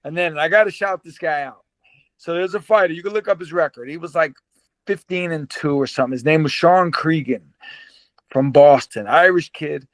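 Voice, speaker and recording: A man in his fifties, a former pro boxer, telling stories as a guest in a casual interview, animated and laughing often, with many repeated words. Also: on the high side, moderate pace, no echo.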